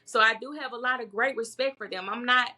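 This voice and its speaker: A woman's voice: a little high, fast, pushed and bright. A woman speaking as a herbalist guest in a casual podcast chat, bold and emphatic, often repeating words to drive a point home.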